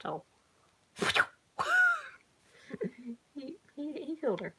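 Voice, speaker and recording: A woman's voice: fairly high pitch, lively intonation, unhurried, long pauses, slightly rough, low-quality recording. A woman casually reading her own horror story aloud, giggling and breaking off to comment on it.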